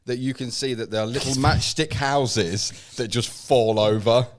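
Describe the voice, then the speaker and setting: A man's voice: medium pitch, fairly even intonation, normal speed, slight background noise. A man co-hosting a casual podcast, dryly provoking the others with blunt, sweary takes. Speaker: podcast co-host. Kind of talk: casual pub-style banter.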